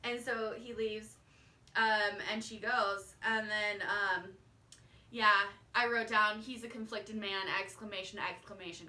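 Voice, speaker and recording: A woman's voice: medium pitch, fairly even intonation, a little slow, bright, forceful tone, far from the mic. A woman casually recapping a TV finale, rambling with lots of fillers and "like". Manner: rambling with many fillers and likes. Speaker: vlogger recapping a TV show. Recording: echoey room, off-mic.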